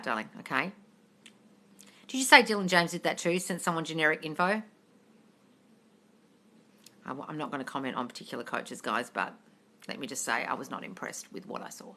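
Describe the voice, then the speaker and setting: Talking into what sounds like a phone at home, a woman with a lowish, bright, forward voice hosts a laid-back live-stream Q&A. She reads out viewers' questions, gives blunt answers, curses without hesitation, and addresses everyone as darling.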